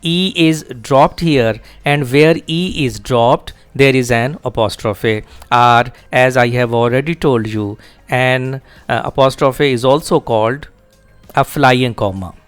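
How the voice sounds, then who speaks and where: A man giving a classroom lecture on a poem exercise, repeating and spelling out key words deliberately. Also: mid-range voice, smooth, faint music behind. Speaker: English teacher.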